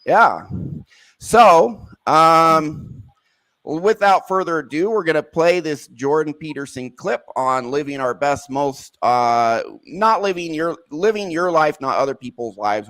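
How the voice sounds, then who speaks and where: A man's voice: a little high, slow pace, a bit bright. A man hosting a podcast in casual chat, candid and playful, rambling with fillers. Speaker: podcast host.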